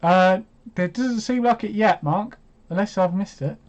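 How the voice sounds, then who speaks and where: A man's voice: high voice, unhurried. Chatty young man on a lo-fi stream. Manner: chatty, laughs often, self-mocking. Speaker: live stream host. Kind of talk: casual live stream chat. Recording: dull lo-fi stream audio.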